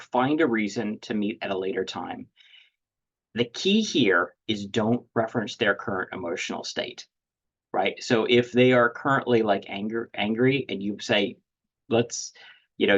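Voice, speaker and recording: Guy doing a webinar talk, kinda low husky voice, lots of ums, muffled lo-fi sound. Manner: loose, with many fillers and restarts. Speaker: webinar presenter. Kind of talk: lecture on negotiation. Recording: dull lo-fi audio.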